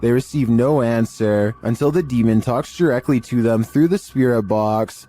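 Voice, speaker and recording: Man narrating spooky clips, mellow tone. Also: mid-range voice. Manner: slow, ominous storytelling. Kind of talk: scripted narration.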